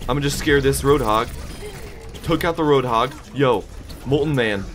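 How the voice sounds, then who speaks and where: A man's voice: mid-range voice, moderate pace, a bit bright. A young man casually commentating his own gameplay, hyped and joking, trash-talking and laughing. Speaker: gaming YouTuber.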